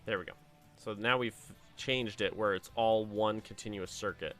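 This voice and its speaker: A man streaming a game, telling family stories in a casual, lively way and acting out the voices of the people in them. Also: lowish voice, moderate pace, soft background music. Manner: animated anecdote telling with acted-out quotes. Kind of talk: casual storytelling while playing a game.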